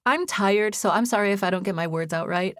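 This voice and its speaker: A woman's voice: medium pitch, fairly quick, a bit bright, dry recording, voice pushed up, natural voice. A woman narrator voicing a tired, nervous young woman who is close to tears and speaks breathily, apologizing as her words tumble out. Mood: anxious, apologetic. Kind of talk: audiobook character voice.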